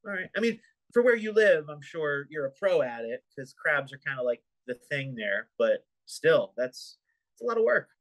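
A man's voice: on the high side, very animated, normal speed. A man hosting a podcast, asking wry, teasing questions in a casual chat.

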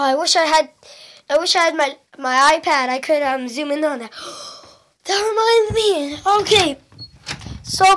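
A woman chatting excitedly in a casual home vlog, giggling and exclaiming as she shows off her things to a handheld camera. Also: very high-pitched. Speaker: vlogger. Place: at home indoors.

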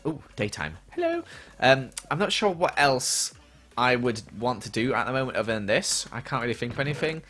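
A man's voice: mid-range voice, animated, brisk, pushed and bright, faint music behind. A young man chatting casually on a gaming livestream and answering viewer questions as he plays.

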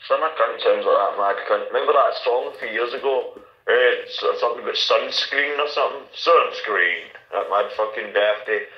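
A man's voice: mid-range voice, moderate pace, few pauses. A man in push-to-talk voice chat, rambling in a crude and mocking way. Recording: echoey, dull voice app audio.

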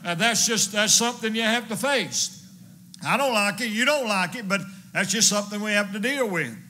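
A male evangelist preaching with fervent conviction, driving his points through repetition. His voice sits high and rings out bright and forceful. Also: moderate pace. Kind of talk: sermon.

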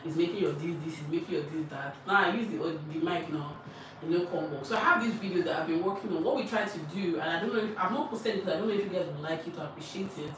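A woman's voice: lowish voice, very fast, noisy background. A young woman with a Nigerian accent, chatting and laughing as she tells stories while cooking for her vlog. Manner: animated, laughing, chatty storytelling. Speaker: vlogger. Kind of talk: casual chat while cooking.

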